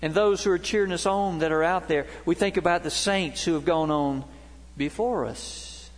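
In a church sanctuary, a middle-aged male pastor preaches a sermon, telling stories as his voice rises and drops. He speaks at a moderate pace with a fairly high pitch, and the recording carries the long reverb of a big hall.

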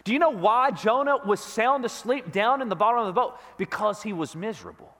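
A man with a very high voice delivers a sermon as pastor, retelling a scripture story with emphasis. He often stumbles and restarts his phrases as he presses his point. His voice rings through the long echo of a large hall. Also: expressive, a little fast, pushed and bright.

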